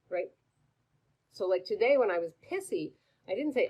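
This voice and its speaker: A middle-aged woman hosting a live stream, coaching in a chatty, animated way, greeting viewers by name and asking many questions. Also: mid-range voice, moderate pace, breathy edge. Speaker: host answering viewer questions. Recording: dull lo-fi stream audio.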